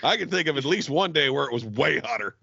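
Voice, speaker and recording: A man's voice: fairly high pitch, lively intonation, fast talker, vocal fry, bright, forceful tone, slightly rough, no room sound, muffled recording. Brash, foul-mouthed podcast man. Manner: brash, profane, mocking. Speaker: podcast co-host. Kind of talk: crude comedy podcast banter.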